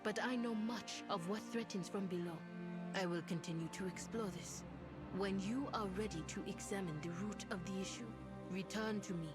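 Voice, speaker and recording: A woman voicing a solemn female plant-folk explorer in a video game, speaking in a measured, formal way. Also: mid-range voice, close to an everyday voice. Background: game music.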